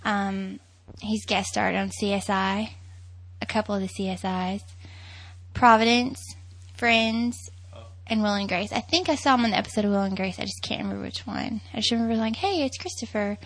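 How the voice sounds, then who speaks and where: A woman's voice: mid-range voice, steady tone, normal speed, a bit bright, poor audio. A woman with a Southern US accent, co-hosting a podcast in casual chat, talkative and teasing. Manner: chatty, teasing, laughs often. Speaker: podcast co-host.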